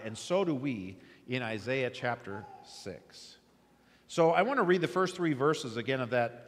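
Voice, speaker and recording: Animated pastor preaching in a reverberant church. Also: male voice, mid-range voice. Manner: animated preaching, voice rising on repeated words. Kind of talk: sermon. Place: church sanctuary. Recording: long hall reverb.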